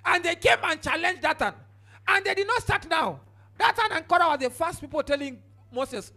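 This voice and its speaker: A man preaching a sermon, jumping from shouted outbursts to quiet asides and telling the congregation to turn to their neighbors. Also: extremely high pitch, animated, moderate pace. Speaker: pastor.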